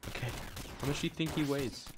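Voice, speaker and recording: A man's voice: on the high side, steady tone, fast, noisy background. A young man hosting a gaming video, chatting casually and joking as he plays, rambling with lots of fillers. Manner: joking, rambling with many likes. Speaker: gaming channel host. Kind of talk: casual gameplay chat.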